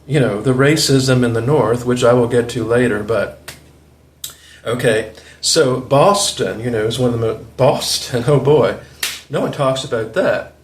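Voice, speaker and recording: A man's voice: mid-range voice, fairly even intonation, a little slow. A man in his forties with a Southern US accent, hosting a rambling, opinionated monologue with chuckling asides. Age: 40s. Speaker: video host. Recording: roomy echo.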